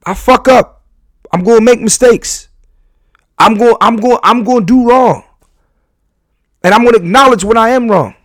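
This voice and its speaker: A man's voice: very high voice, normal speed, long pauses, dry recording, clean studio sound. A man hosting a podcast, talking candidly in a rambling, confessional way full of slang and restarts. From New York. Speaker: podcast host.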